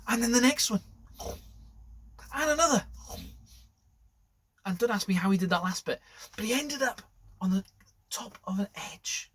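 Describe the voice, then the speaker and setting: Husky man telling a children's story. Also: very high-pitched, normal speed, pauses often. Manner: animated, dropping to whispers. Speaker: school assembly presenter.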